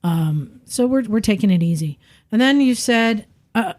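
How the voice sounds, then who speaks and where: Podcast co-host, woman, lively casual storyteller. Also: mid-range voice, moderate pace. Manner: animated storyteller, acts out quoted voices.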